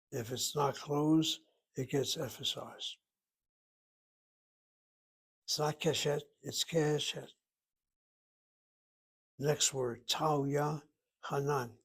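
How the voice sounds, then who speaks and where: A man's voice: medium pitch, steady tone, a little slow, vocal fry, fairly bright tone, husky. A man teaching a Hebrew lesson from a textbook, thinking aloud, asking himself questions and spelling words out. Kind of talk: self-study lesson, reading from a textbook.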